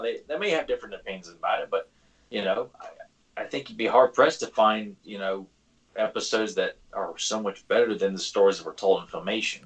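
Low-voiced rambling man in a podcast chat. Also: a bit bright, rough recording. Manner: rambling, many fillers, opinionated. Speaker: podcast co-host. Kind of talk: casual fan podcast chat.

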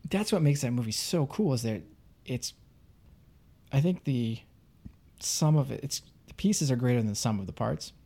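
A man chatting about a movie in a gravelly voice with plenty of fry. He rambles and searches for words, circling back as he builds his point. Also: mid-range voice, lively intonation, moderate pace, pauses often, warm tone. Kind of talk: casual film discussion.

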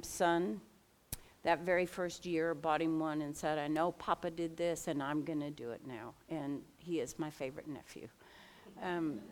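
Middle-aged woman telling a personal story, casual and candid, a bit low-pitched, lots of ums. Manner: candid, conversational, with fillers and restarts.

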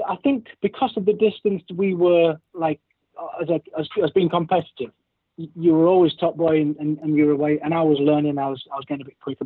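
A man with a husky, slightly raised voice, chatting casually and stumbling over repeated words as he goes. His voice comes through a dry, tinny, phone-like line. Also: on the high side, no room sound. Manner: hesitant, restarts and repeats words. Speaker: guest, former racer. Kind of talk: casual chat.

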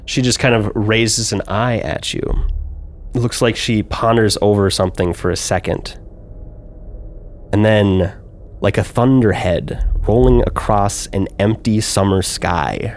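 A man narrating as game master of a tabletop game, describing scenes in a slow, descriptive way. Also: on the low side, a little hiss or hum. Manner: slow, descriptive, with small restarts.

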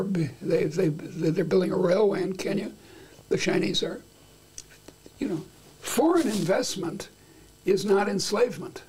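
High-pitched, husky older man, rambling. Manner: rambling, playful, with frequent restarts. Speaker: interview guest. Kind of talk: conversational interview.

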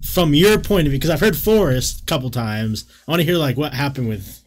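Lively, laughing podcast host asking questions. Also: male voice, a little high, fairly quick. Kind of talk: casual interview chat.

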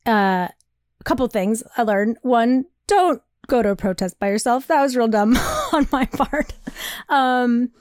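A young woman co-hosting a casual chat, rambling and animated, laughing often and filling her talk with "like". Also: on the high side, measured pace, no echo, clean studio sound. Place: New York.

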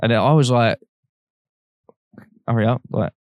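A man's voice: mid-range voice, unhurried, darkish tone, no echo, highs cut off. A young man telling a frank personal story on a podcast, swearing freely and acting out the voices of people he quotes. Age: young adult. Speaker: podcast co-host. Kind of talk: casual storytelling chat.

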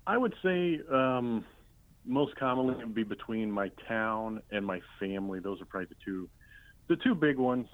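A man, a comedian guest, telling comic anecdotes in an interview with a deadpan delivery and many fillers and restarts. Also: medium pitch, normal speed, dry recording. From Illinois. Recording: dull lo-fi sound.

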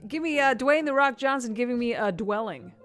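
A woman's voice: fairly high pitch, expressive, a little fast, faint music behind. A woman hosting a podcast, running a quiz game in a bubbly, self-deprecating way. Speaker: podcast host.

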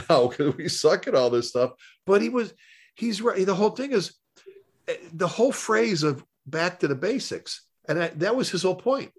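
A man co-hosting a podcast, a fire service instructor who tells stories in an animated way, full of restarts and stumbles. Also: mid-range voice. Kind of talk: casual storytelling chat.

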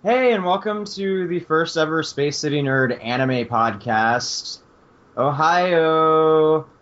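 A man's voice: a little high, a little slow, a bit bright, a little hiss or hum. A man hosting a podcast, talking loosely and laughing often, with lots of fillers. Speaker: podcast host. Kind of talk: casual chat. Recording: dull lo-fi podcast audio.

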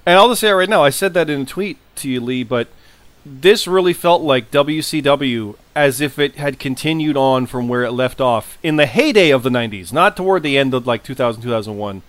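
A man's voice: medium pitch, lively intonation, fairly bright tone. A man co-hosting a casual podcast, talking at length and jumping in often. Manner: talkative, quick to jump in. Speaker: podcast co-host. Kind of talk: casual chat.

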